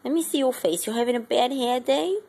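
A woman's voice: sits high, brisk, gravelly, warm tone, slightly rough. A woman talking baby talk to her pet in a cooing, sing-song way, asking it question after question, recorded on a phone. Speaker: pet owner.

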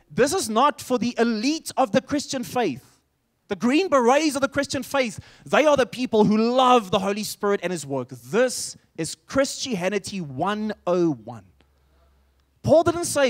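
A male pastor preaching a sermon in church, telling a story with emphatic, animated delivery. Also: high-pitched.

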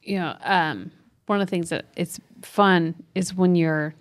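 A woman's voice: on the low side, a little slow. A woman co-hosting a parenting podcast in casual chat, laughing easily and chiming in with short affirmations. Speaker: podcast co-host.

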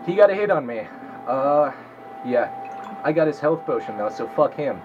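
Over music, a young gameplay commentator speaks animatedly at a moderate pace in a high-ish voice, the sound lo-fi. His casual let's-play commentary is packed with swearing as he talks to himself during play.

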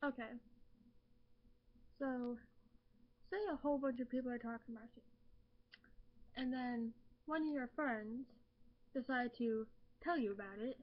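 A woman chatting casually in a rambling, self-deprecating way, recorded with a laptop webcam mic. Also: sits high. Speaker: vlogger. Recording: dull lo-fi laptop webcam audio.

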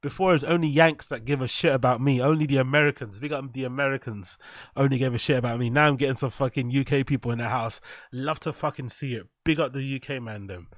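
A young English man with an English accent, chatting casually and profanely on a live stream, joking and giving viewers shout-outs. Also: mid-range voice, fast, no echo, studio quality. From England. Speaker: reaction streamer.

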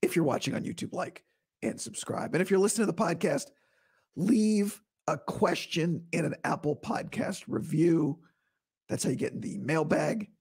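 A man with a hoarse, rough voice, recovering from vocal cord surgery, hosting a casual solo sports podcast in a blunt, opinionated way. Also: fairly high pitch, normal speed, a little mellow. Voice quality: rough, breathy voice dropping into whispers. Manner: blunt, opinionated, talks straight to listeners.

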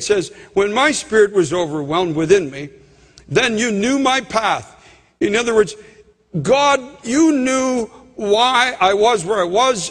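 A Canadian pastor with a high, fairly bright voice preaches a sermon, reading scripture and explaining it. When he quotes verses, his emphasis rises sharply. The recording is from a reverberant hall.

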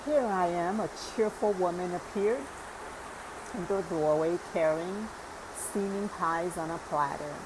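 A woman narrating an audiobook parable in a deliberate reading voice, now and then correcting a word. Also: on the low side, noisy background. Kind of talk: scripted narration.

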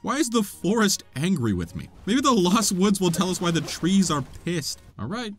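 Excitable high-voiced young man gaming. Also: normal speed. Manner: excitable, laughs often, talks to the game characters. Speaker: gaming video creator. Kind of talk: let's play commentary.

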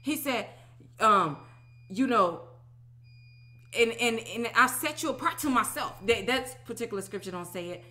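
Bright-voiced woman telling a testimony. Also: a little high, moderate pace, long pauses. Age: 30s. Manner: animated, emphatic storytelling with repeated "okay?". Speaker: religious teacher. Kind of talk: personal testimony talk.

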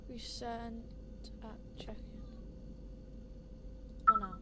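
A woman's voice: on the high side, wildly swooping pitch, drawn-out words, background noise. A woman playing a horror game, easily startled and pleading with a companion. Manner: jumpy, frequently startled and shrieking; coaxing a companion in a soft voice. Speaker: gaming streamer. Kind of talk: horror game let's play. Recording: game music loud behind voice. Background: loud game music.

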